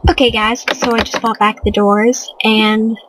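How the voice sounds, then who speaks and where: A woman's voice: on the high side, little pitch movement, a little slow, very noisy. A young woman giving casual let's play commentary on a life simulation game, reacting with gasps and squeals. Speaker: gaming video creator.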